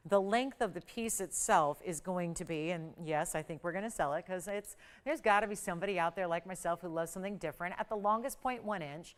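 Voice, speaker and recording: Speaking a little fast with barely a pause, a middle-aged woman hosting a live shopping channel pushes products in emphatic, enthusiastic sales patter, hitting certain words hard. Her voice is smooth and clear, picked up by a lapel mic in a studio.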